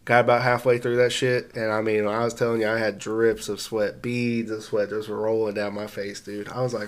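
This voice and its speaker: A man's voice: on the low side, flat delivery, moderate pace, hardly any pauses. A man co-hosting a casual podcast, telling crude stories and laughing often. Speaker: podcast co-host. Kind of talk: casual chat.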